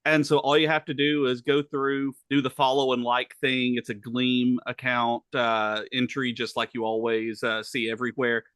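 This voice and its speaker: Halting Southern man, dry close sound. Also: mid-range voice, little pitch movement, fairly bright tone, clean tone, no echo. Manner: halting, with frequent uhs. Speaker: podcast co-host. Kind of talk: casual chat.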